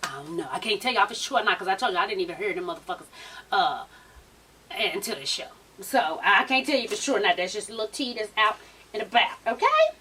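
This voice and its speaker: A woman giving a casual, profane recap of a reality show as a vlogger, sassy and animated, with a lot of swearing. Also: medium pitch, fast talker, slightly rough, recorded from a distance, rough recording.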